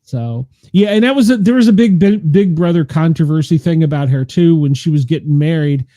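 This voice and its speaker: A man's voice: fairly high pitch, brisk, dark tone, no room sound. A man hosting a podcast in casual chat, gossipy and profane, often laughing as he talks. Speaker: podcast host.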